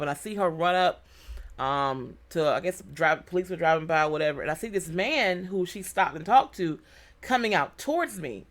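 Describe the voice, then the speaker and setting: A woman vlogger casually telling a personal story, animated and emotional, acting out quoted exchanges. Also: on the low side, normal speed.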